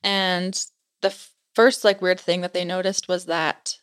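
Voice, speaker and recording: A woman's voice: lowish voice, little pitch movement, a little slow, clean tone. A young woman guest on a podcast, casually telling a story and filling her speech with "like". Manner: chatty, fills speech with "like".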